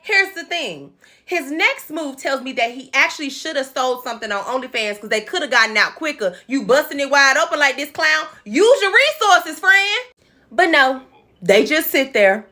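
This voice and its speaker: Female comedy recap host, sassy and animated, high bright voice. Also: moderate pace. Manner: animated, sassy, acts out characters' lines. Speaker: podcast host recapping an episode.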